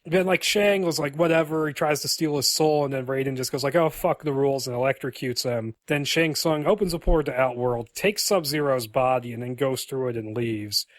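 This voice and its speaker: A man's voice: medium pitch, normal speed, few pauses, no room sound. A man co-hosting a podcast, casually and animatedly retelling a movie script and acting out its lines. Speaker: podcast co-host.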